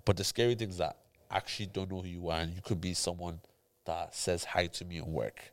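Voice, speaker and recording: A man co-hosting a casual podcast chat, animated and quick to laugh. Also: deep voice. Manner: animated, laughs often, slangy. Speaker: podcast co-host.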